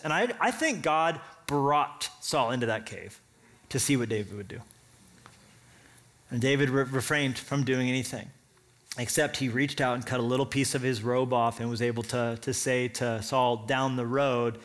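A man's voice: medium pitch, moderate pace. A man preaching a sermon, telling a story with casual asides and acting out what each character says. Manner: animated storytelling, acts out characters' lines. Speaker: pastor.

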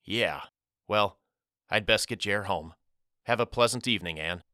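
Male reader as a plain working dad in a storybook, low voice, exasperated but not angry, clear and bright. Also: measured pace, dry recording, studio quality. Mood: subdued. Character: frightened widowed father, plain working man.

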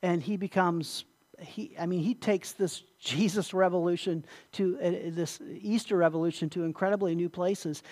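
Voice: mid-range voice, fairly even intonation, moderate pace, a little mellow. Pastor, sermon delivery; emphatic, repetitive, asks the listeners questions.

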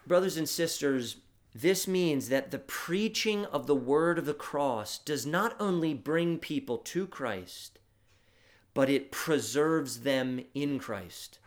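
A man preaching a Good Friday sermon, stressing his points emphatically and swinging between loud declarations and quiet reading. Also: a little high, expressive, slow pace. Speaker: pastor.

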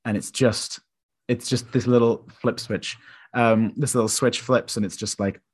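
Man, podcast co-host, casual film chat, enthusiastic, rambling, mid-pitched voice. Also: fairly even intonation, a little slow, husky.

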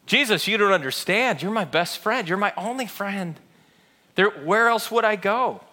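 A man's voice: sits high, animated, moderate pace, bright, forceful tone, voice pushed up. A man voicing a young friend who protests his loyalty in an earnest, pleading way.

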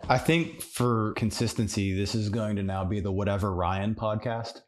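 A man's voice: on the low side, steady tone, moderate pace. A man co-hosting a podcast in casual chat, needling his partner with dry, teasing banter. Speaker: podcast co-host.

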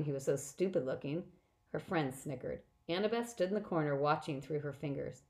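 A woman narrates a novel in the first person, steady and plain in her delivery. Her voice sits low, and small slips stay in the reading. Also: low-quality recording. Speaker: audiobook reader.

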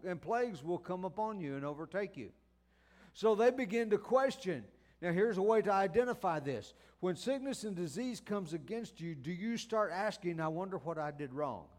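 High-voiced, slow, emphatic male preacher. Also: a little mellow. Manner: emphatic preaching with exclamations of praise; drawn-out stressed words and repeated restarts. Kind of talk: sermon.

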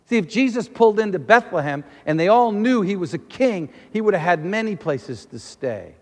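A male pastor with a high voice delivers an animated sermon in a church hall. He acts out the voices of people he quotes as he goes, and a long reverb trails after his words. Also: a little fast, hardly any pauses.

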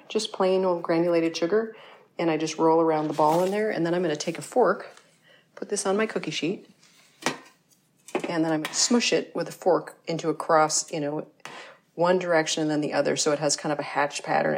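Chatty woman hosting a home baking show. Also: on the low side. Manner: chatty and rambling, with fillers and self-corrections. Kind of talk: casual baking demonstration. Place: home kitchen.

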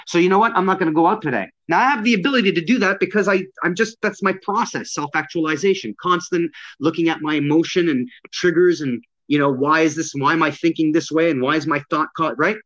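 A blunt man with a fairly high voice speaks as a de-escalation instructor, swearing freely and driving his points home. His voice comes through dull and muffled, like a lo-fi recording of a casual chat. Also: fast, hardly any pauses, fairly bright tone. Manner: blunt, emphatic, heavy swearing. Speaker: de-escalation and self-defense instructor. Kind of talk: casual podcast conversation. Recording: dull lo-fi sound.

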